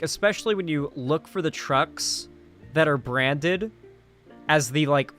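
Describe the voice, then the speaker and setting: This tired American man, a streamer and commentator, rambles through casual live-stream chat with plenty of fillers, his voice on the high side and fairly bright.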